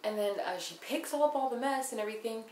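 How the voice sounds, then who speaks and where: A woman's voice: fairly high pitch, lively intonation, fast, darkish tone. A young woman giving a casual, blunt and sarcastic recap of a reality show episode, swearing freely. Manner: profane, blunt, sarcastic, mimics people she quotes. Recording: roomy with faint background noise.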